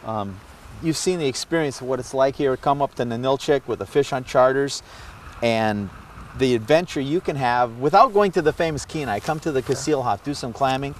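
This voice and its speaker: A man's voice: medium pitch, normal speed, distant mic, a little hiss or hum. A man hosting a fishing show, chatting enthusiastically on a river boat and rambling with many restarts. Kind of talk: casual on-the-water chat.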